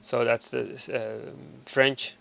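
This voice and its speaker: A tutorial presenter casually walks viewers through device settings on screen, step by step, hesitating, using fillers, and often stopping mid-sentence to start over. His medium-pitched voice is flat, slow, creaky, and a bit bright.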